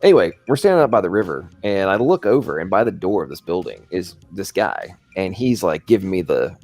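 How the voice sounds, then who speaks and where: Deep-voiced American man, rambling host. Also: sing-song, a little fast, a little mellow, faint music behind. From England. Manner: rambling, tags lines with "right?". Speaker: live stream host. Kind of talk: casual chat, storytelling.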